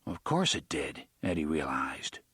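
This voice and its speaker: A man's voice: a bass voice, big pitch swings, a little slow, a bit bright, husky, no room sound, clean studio sound. A man narrating an audiobook expressively, giving each character a voice of his own.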